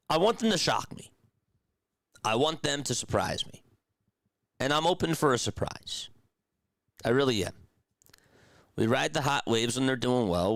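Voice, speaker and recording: A young man calls a game play-by-play in a mid-range voice, chatting to his viewers between pitches. He drifts into sarcastic asides and animated bursts of opinion. The sound is dry and close, with no room around it. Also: no echo. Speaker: play-by-play host. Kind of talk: radio-style play-by-play commentary.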